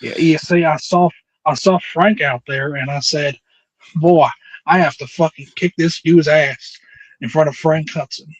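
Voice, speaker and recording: A man's voice: a little high, measured pace, dry recording, poor audio. A man putting on a boastful wrestler's voice with a put-on Southern drawl, in a comedic impression. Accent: put-on American Southern. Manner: boastful, cocky, deadpan.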